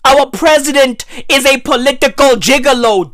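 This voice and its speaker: Woman, heated slangy rant, high voice, slow unhurried delivery. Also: dry recording, clean studio sound. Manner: heated, profane, repetitive, slangy. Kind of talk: profane ranting monologue.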